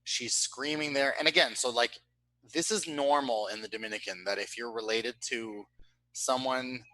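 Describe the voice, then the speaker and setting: A young man casually telling a long anecdote over a remote call, animated and profane, often tagging on "right?". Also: mid-range voice, moderate pace, no echo, low-quality recording. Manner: animated, profane, with frequent tag questions.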